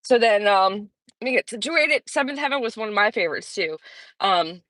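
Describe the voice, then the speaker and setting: A woman of middling pitch hosts a casual live stream and chats along in a rambling, friendly way. She stops to greet viewers by name. Her voice is dry and close, with almost no room sound. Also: expressive, moderate pace, a bit bright, dry recording. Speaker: livestream host.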